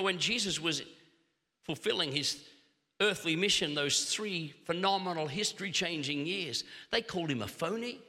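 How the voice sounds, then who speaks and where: Australian male pastor, middle-aged, high and brilliant tone, animated storyteller. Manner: animated humorous storytelling with quick restarts. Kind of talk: sermon. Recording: long hall reverb.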